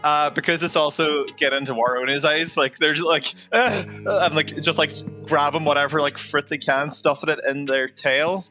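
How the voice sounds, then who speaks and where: A man plays a tabletop game and describes what his character does in a loose, laid-back way. His voice is bright and forward, and faint music plays behind him. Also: a little high, steady tone, moderate pace, hardly any pauses. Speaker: player.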